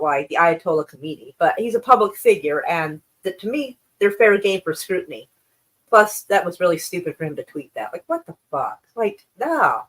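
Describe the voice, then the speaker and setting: A woman hosts a live stream and talks loosely to her chat, thanking viewers by name in a gushing way. Her talk drifts from topic to topic and is laced with swearing. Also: mid-range voice. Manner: effusive, profane, rambling.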